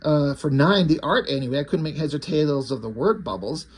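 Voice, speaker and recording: A man's voice: a little high, fairly quick, breathy edge. A man voicing a chatty, encouraging old uncle who keeps coaxing his nephew. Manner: upbeat, coaxing.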